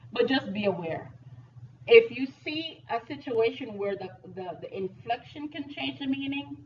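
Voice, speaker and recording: A woman teaching a live class on logic, playful and animated, speaking to her students. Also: mid-range voice. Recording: distant mic, dull sound, faint noise.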